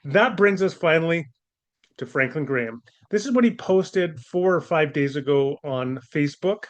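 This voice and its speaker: Indignant male commentator, slightly higher voice. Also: expressive, normal speed. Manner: indignant and scornful, with rhetorical questions. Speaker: commentator and apologist host. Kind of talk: opinionated commentary monologue.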